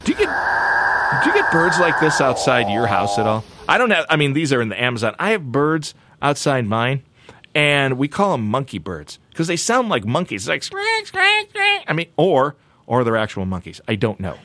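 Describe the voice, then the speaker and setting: A man hosting a show segment, joking playfully and talking in a loose, animated way with many restarts and asides. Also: mid-range voice, normal speed, a little hiss or hum. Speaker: show host.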